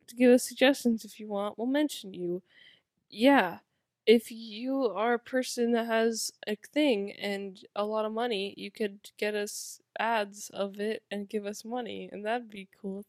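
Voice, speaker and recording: A young woman winding down a casual chat show, sounding tired and prone to giggles. Her voice sits fairly high. She is recorded up close in a dry, dead room while lying on a pillow. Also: steady tone, a little slow, a little mellow, no room sound. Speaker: podcast co-host.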